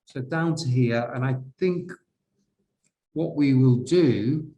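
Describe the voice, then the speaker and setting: A man teaching as an IELTS examiner, correcting an essay step by step and asking viewers questions, with slow, halting speech. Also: medium pitch, dark tone. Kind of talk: classroom-style essay correction.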